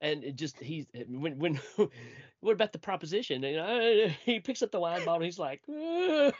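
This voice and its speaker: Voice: mid-range voice, animated, normal speed, breathy edge, no echo. A Gen X podcast guest chatting casually about a film, retelling scenes with laughter. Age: 40s to 50s. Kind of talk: casual movie chat. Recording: dry, dull lo-fi podcast audio.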